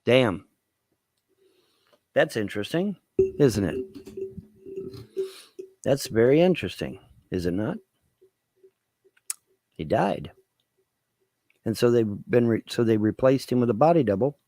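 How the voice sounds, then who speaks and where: Swearing man with a lively, swinging voice. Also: medium pitch, slow, pauses often, no room sound. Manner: swearing, repetitive, rhetorical questions. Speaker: vlogger. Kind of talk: rambling political rant to camera.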